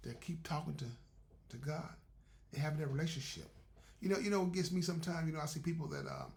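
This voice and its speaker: A man's voice: fairly high pitch, vocal fry, darkish tone. A man giving a faith-based motivational talk in a conversational, repetitive, preacherly way. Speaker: motivational speaker.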